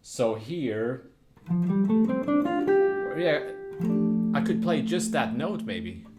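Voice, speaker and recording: Man, jazz guitar teacher, casual relaxed explaining, mid pitch, loud guitar playing behind. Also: very slow. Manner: relaxed, thinks aloud between playing examples. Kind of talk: casual spoken guitar lesson.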